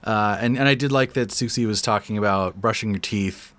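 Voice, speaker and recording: A young man with a somewhat low voice co-hosts a podcast in loose, casual chat. He rambles and restarts his sentences, and he pokes fun at himself. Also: brisk, fairly bright tone. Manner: rambling, self-deprecating, restarts often. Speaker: podcast co-host.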